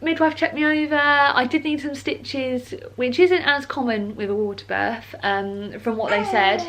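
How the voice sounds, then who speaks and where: British woman vlogger, casual and rambling with many fillers, a touch teary, voice sitting a bit high. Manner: rambling and heartfelt, with many ums and likes. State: a little emotional and teary. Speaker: mother vlogger telling her birth story. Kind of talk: casual chatty vlog.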